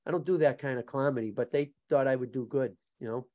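A man's voice: medium pitch, fast, mellow, muffled recording. A man who is a martial arts instructor and guest on a podcast, telling joking stories in casual chat and struggling to pronounce his R sounds. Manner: joking, anecdotal.

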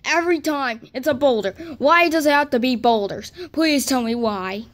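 A woman voicing a grumpy, complaining male steam engine in an amateur toy-train story, halting and repeating words. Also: sits high, lightly acted. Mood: grumbling.

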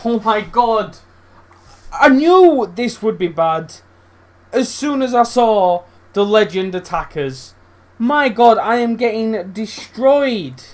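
A young man commentating his own football video game, swearing, swinging between loud outbursts and low muttering. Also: animated, slow. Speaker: gaming YouTuber. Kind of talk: live gameplay commentary.

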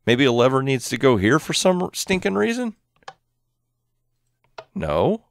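A gameplay channel host films a modded game video in a room at home with his cat, his mid-range voice very animated, unhurried, and touched with vocal fry. The studio-quality audio has no echo. He chats casually, thinks aloud while playing, and counts items under his breath.

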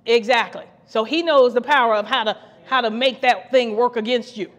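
A woman's voice: on the high side, moderate pace, fairly bright tone. A woman co-pastor from Ohio preaching a fervent podcast sermon, repeating her phrases and laughing now and then. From Ohio, USA. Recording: long hall reverb.

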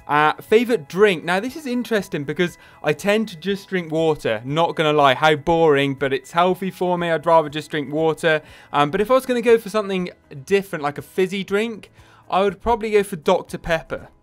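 A man's voice: fairly high pitch, brisk, soft background music. A man in his twenties from the UK, a gaming YouTuber answering viewer questions in a chatty, self-deprecating, rambling way. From United Kingdom. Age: 20s. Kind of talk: casual Q&A monologue.

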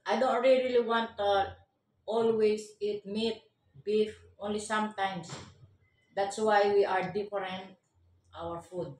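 Woman, blunt short phrases, slow casual talk, echoey room, faint noise. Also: mid-range voice, fairly even intonation. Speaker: host's wife. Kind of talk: casual chat.

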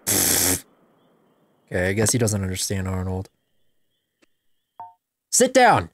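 A woman's voice: a bass voice, level tone, normal speed. A woman giving casual gameplay commentary, sarcastic and playful, chatting to a virtual puppy.

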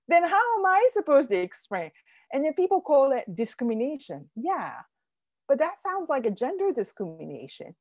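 A woman's voice: medium pitch, a little mellow, no echo. A middle-aged woman, speaking earnestly and with animation as a guest scholar in a webinar discussion, often laughing as she talks. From Japan.

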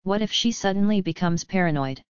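A woman's voice: lowish voice, brisk, clean tone, no echo, dull audio, close to an everyday voice. A woman reading as a stern royal princess. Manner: stern, formal old-fashioned speech. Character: proud royal princess, elder sister, commanding.

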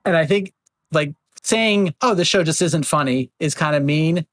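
A man hosts a casual podcast conversation in a slightly raised voice. He rambles in a relaxed way with many fillers and drops into quick mocking voices. The sound is dry and close, with no room to it. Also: fairly high pitch, no room sound. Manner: chatty, filler-heavy, slips into mocking voices. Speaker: podcast host. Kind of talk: casual chat.

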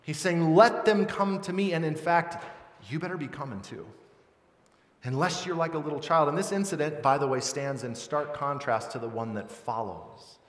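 A middle-aged man preaching a sermon as pastor, earnest and conversational, acting out lively quoted voices. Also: on the high side, moderate pace. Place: large church hall. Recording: roomy church hall with long reverb.

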